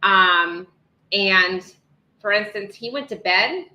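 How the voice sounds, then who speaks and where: A chatty woman co-hosting a casual livestream, talking quickly and reading viewer comments aloud. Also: medium pitch, pushed and bright, echoey room, poor audio. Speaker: livestream co-host.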